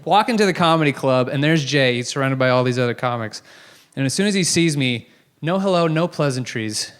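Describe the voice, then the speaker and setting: A man's voice: mid-range voice, animated, a little fast, smooth. A man in his thirties doing a brash, profane, self-mocking stand-up set on a comedy club stage, speaking into a handheld mic. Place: comedy club stage before a live audience.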